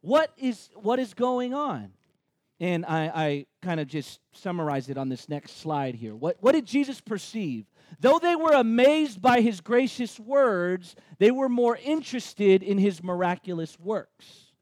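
A man's voice: high voice, measured pace, dry recording. A man preaching a sermon, joking and acting out the crowd's reactions. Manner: animated, joking asides, acts out crowd reactions. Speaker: pastor.

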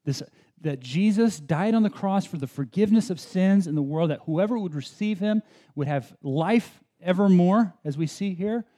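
A man preaching a sermon as pastor in a church, conversational and animated, with self-deprecating asides. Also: sits high, moderate pace.

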